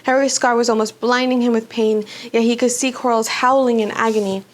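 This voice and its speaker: A woman's voice: fairly high pitch, fairly quick. Woman reading a storybook aloud. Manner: expressive, dramatic reading. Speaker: book club reader.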